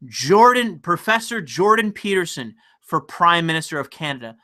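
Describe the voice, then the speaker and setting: A man hosting a livestream, ranting profanely and excitably while reading chat donations aloud. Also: on the high side, moderate pace, hardly any pauses. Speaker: livestream host. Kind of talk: casual livestream rant.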